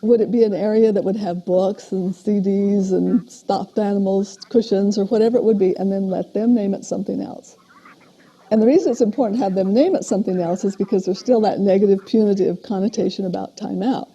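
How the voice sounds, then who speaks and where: An older woman, a parent educator, giving a steady, explanatory lecture on parenting in a recorded talk. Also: mid-range voice, a little fast, slightly rough. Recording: dull lo-fi video playback.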